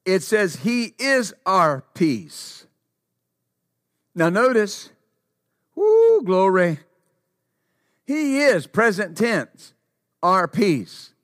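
Preaching a sermon at a slow, deliberate pace, a man with a notably high, slightly bright voice makes huge pitch swings. He stresses points emphatically by repeating short phrases, and the recording is dry with no echo.

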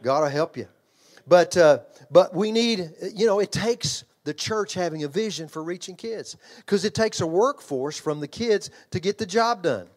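Expressive and high-voiced, an older pastor who trains children's ministry workers preaches at normal speed. His sermon is emphatic and conversational, with phrases repeated, lines restarted, and questions directed at the congregation.

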